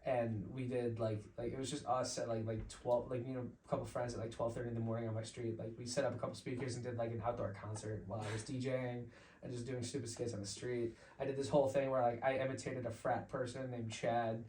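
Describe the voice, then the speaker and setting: A man's voice: mid-range voice, little pitch movement, fast talker, darkish tone. A young man, a podcast guest and DJ, telling a story in casual chat, rambling with lots of "like" and acting out the voices of others. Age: young adult. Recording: echoey room, mic at a distance, faint hiss.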